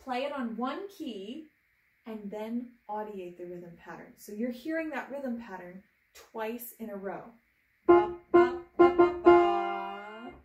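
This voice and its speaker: Woman piano teacher, slow and encouraging, echoey room, piano in the background. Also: a little high, expressive, far from the mic. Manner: encouraging, patient, step-by-step instruction with chanted rhythm syllables. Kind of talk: recorded music lesson for students at home. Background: piano playing.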